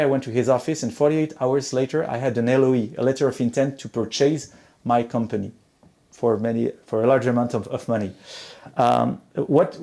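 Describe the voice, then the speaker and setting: Gravelly man giving a talk. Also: mid-range voice, dark tone. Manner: hesitant, many repeated words and restarts. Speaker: conference speaker. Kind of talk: motivational conference talk.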